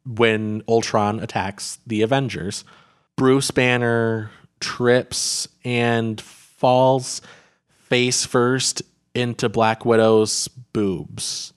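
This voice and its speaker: A man speaks extremely slowly in a smooth, steady, medium-pitched voice. As a podcast co-host, he discusses a film casually, rambling with many fillers and restarts.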